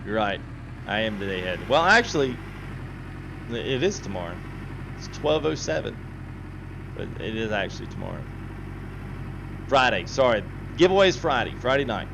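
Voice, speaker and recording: A man's voice: fairly low pitch, big pitch swings, normal speed, vocal fry, pauses often, noisy background. Chatty man streaming a game. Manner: chatty, laughs often, reads chat aloud. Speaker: gaming livestream host. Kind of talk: casual livestream chat.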